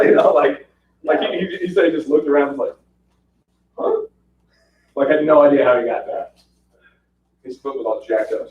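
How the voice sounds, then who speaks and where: A man's voice: mid-range voice, slight background noise. A man telling fight stories in casual chat, acting out quotes and laughing often. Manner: animated storyteller, acts out quotes, laughs often. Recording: roomy, distant, muffled podcast audio.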